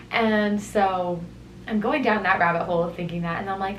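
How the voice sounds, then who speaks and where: A woman's voice: medium pitch, steady tone, moderate pace, echoey room, a little hiss or hum, poor audio. A young woman hosting a solo podcast, talking through her thoughts in a reflective, meandering way, wandering into tangents. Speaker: podcast host. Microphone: headphones on, studio-style mic.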